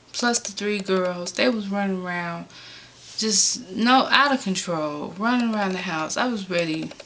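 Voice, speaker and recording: A woman from Chicago recounts her own story in a loose, chatty way, her voice bright and ringing. When she gets exasperated, her pitch jumps sharply upward. A faint hiss sits under the recording. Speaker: vlogger telling a personal story. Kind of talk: casual storytelling.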